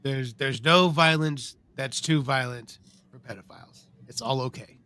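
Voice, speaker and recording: A man on a casual podcast, agreeing in a matter-of-fact, deadpan way. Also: mid-range voice, unhurried.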